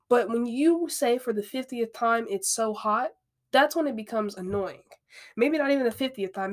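Candid woman hosting a self-help podcast. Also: mid-range voice. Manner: candid and conversational, with frequent asides and repeats. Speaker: podcast host. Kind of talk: casual self-help monologue.

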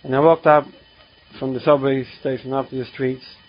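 A man giving an emotional, halting testimony at a recovery meeting, repeating himself as he tells his story. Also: medium pitch, fairly even intonation. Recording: dull lo-fi recording.

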